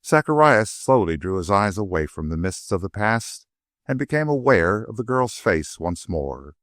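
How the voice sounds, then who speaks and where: A man narrating an audiobook in an expressive, varied delivery on a close mic. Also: on the low side, moderate pace, no echo. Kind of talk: scripted narration.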